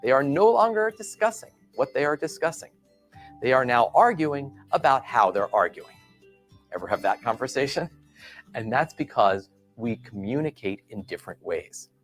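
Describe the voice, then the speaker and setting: Male trainer in a training vid, really animated pitch, soft music underneath. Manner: expressive storyteller, asks the listener questions. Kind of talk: recorded training video lecture.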